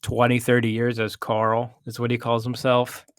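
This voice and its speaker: A man's voice: mid-range voice, completely flat delivery, normal speed, smooth, dry recording. Male co-host, casual movie talk, hesitant retelling, dry sound. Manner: retells plot with hesitations and restarts. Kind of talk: casual chat.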